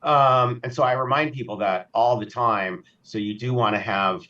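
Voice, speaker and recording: A man's voice: mid-range voice, moderate pace, sharp tone, recorded from a distance, muffled recording. A man speaking as a guest on a podcast, talking casually and animatedly, acting out shoppers in little voices. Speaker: podcast guest, payments specialist.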